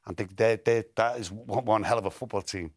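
An older man who once played football speaks a little fast in a lowish voice, telling stories as a guest in a relaxed interview and regularly repeating or restarting words. The studio sound is clean, with no echo.

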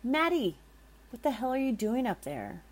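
A woman reading the lines of a frightened young man in a spooky story, with a low, gravelly voice. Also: normal speed, dark tone. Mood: panicked shouting.

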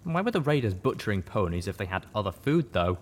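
Low-voiced man narrating a story. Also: fast, a little hiss or hum. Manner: steady storytelling. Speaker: audiobook narrator. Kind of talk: first-person audiobook narration.

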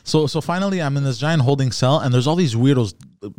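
A man's voice: mid-range voice, lively intonation, fast, a crowd in the background. A man co-hosting a podcast, telling a long dream story in casual chat, with lots of fillers and restarts. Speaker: podcast co-host.

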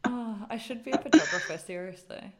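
A woman co-hosting a podcast, telling animated stories in casual chat, acting out quotes and laughing often. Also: a little high, fairly quick, crowd noise. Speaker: podcast co-host.

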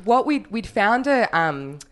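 A woman, casually telling animated, swear-laden stories in a chat. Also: mid-range voice, slow pace. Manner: animated storyteller, swears freely.

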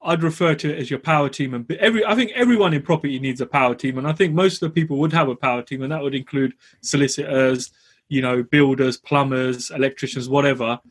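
A man's voice: mid-range voice, fast talker, husky. A man co-hosting a podcast, telling stories in a chatty, laughing way. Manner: chatty, storytelling, laughs while talking. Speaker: podcast co-host. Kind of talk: casual podcast chat.

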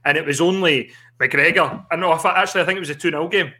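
A man with a Scottish accent hosting a podcast, friendly and quick to laugh, calling everyone mate. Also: fairly high pitch, sharp tone. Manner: friendly, laughs often, says mate a lot. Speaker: podcast host. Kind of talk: casual chat.

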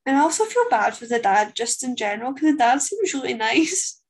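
Woman, podcast co-host, raspy voice with vocal fry, slightly high pitch, wry chat. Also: big pitch swings, a little fast, low-quality recording. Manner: wry, offhand asides. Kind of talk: casual chat.

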